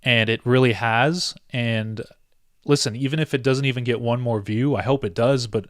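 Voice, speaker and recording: A man's voice: medium pitch, moderate pace, dry recording, clean studio sound. A young man hosting a sports live stream, talking earnestly and emotionally to his viewers with many restarts.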